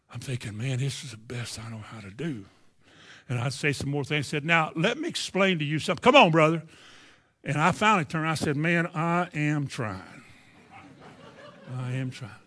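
A man's voice: a little high, a bit bright. A man preaching a sermon, telling a personal story and stammering now and then.

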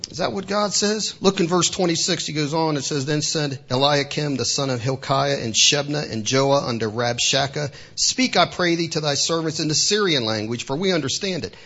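Male preacher with a husky voice, mid-sermon, firing rhetorical questions, captured on a muffled recording. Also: on the high side, moderate pace, few pauses. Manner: rhetorical questions, voices the devil's taunts, lively delivery. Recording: dull lo-fi recording.

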